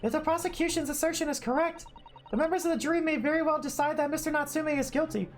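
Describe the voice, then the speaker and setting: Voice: sits high, fairly even intonation, quick pace, faint music behind, pitched above the performer's own voice, lightly acted. A streamer voicing a polite, refined young female legal assistant while reading game dialogue aloud. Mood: earnest.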